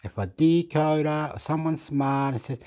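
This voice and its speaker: A man ranting off the cuff as a video commentator, excitable and profane, repeating himself and often clearing his throat. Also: on the high side, moderate pace. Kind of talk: rambling off-the-cuff rant.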